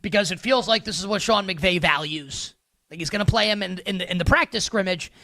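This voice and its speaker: Young male sports-betting host, rambling sarcastic commentary, bright tone, dry booth sound. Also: sits high, no echo. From northern United States. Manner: rambling, filler-heavy, sarcastic.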